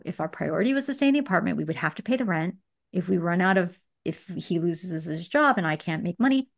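A woman hosting a conversational coaching chat about money. She talks in an animated, emphatic way and laughs often. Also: mid-range voice.

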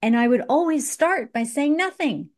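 A woman's voice: high-pitched, normal speed. Direct, encouraging woman coach. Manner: direct, encouraging, animated emphasis. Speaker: business coach. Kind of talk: live group coaching call.

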